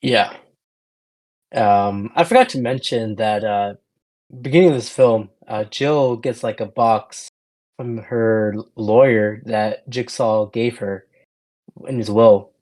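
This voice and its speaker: Slow and a little mellow, a man with a lowish voice co-hosts a relaxed podcast on horror films. He chats about movies hesitantly, often using fillers and starting over.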